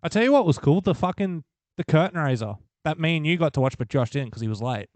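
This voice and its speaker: A man's voice: a little high, animated, fast, darkish tone, no echo. A young Australian man co-hosting a casual podcast, bantering with playful mock boasts. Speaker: podcast co-host. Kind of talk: casual chat.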